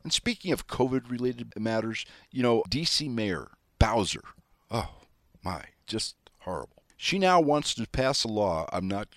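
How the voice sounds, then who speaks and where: A man hosting opinionated news commentary, sarcastic and animated, talking straight to his listeners. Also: on the low side, dry recording, studio quality. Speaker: political commentary host.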